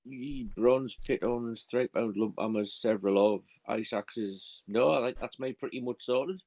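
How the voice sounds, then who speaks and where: A man's voice: mid-range voice, a little slow, darkish tone, no room sound. A man taking part in a tabletop game, speaking casually and plainly. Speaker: player. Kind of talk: tabletop role-play.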